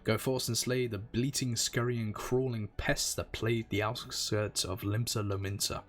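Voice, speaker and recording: A man's voice: fairly low pitch, little pitch movement, moderate pace, natural voice. Grandiose game axe master, formal declaiming delivery, read by a man. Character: stern male axe guild master, grandiose.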